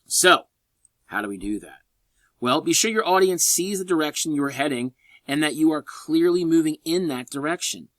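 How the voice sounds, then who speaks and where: Man, college English instructor, recorded lecture voice-over, animated delivery with wry asides, dry close sound. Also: a little high, normal speed, no room sound. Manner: lively, joking asides, sarcastic.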